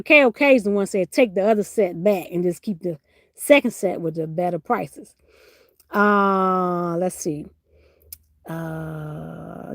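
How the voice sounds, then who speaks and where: A woman hosting a casual livestream, reading viewer comments aloud and greeting people by name with bursts of excitement. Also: mid-range voice, no echo. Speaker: livestream host.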